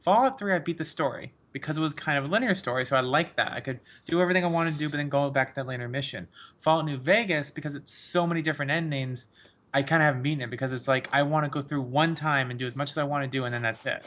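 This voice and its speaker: A man in a casual podcast chat, excitable and rambling, laughing often as he talks about games. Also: fairly high pitch, fast talker. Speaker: podcast co-host.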